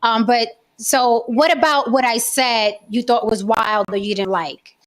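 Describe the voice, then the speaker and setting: A woman's voice: on the high side, fairly even intonation, a little slow. A young woman hosting a casual debate livestream, blunt and confrontational, and she doubles down rather than backing off. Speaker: host.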